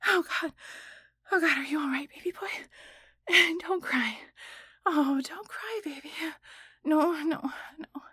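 A woman voicing a flustered married woman who is tied up and hiding a secret, in a breathy whispered role-play that swings between hushed whispers and pleading. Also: high voice, unhurried, pauses often, no room sound, clean studio sound. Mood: tender. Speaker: voice actor in an audio role-play.

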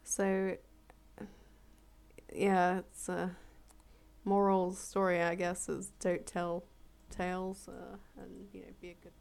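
A woman tells a fable aloud in a relaxed, chatty way, stopping now and then to correct herself. Her voice has a gravelly fry and a mellow, dark tone. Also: on the low side, slow pace. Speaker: storyteller. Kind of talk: fable read aloud with casual asides.

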